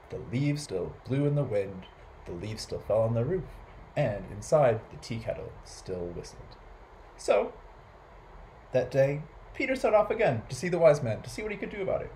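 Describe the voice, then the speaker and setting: Male library storyteller, lively and singsong, playful with sound effects for kids. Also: mid-range voice, normal speed, rough recording. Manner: animated, playful, with animal and noise sound effects. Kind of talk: children's story read aloud.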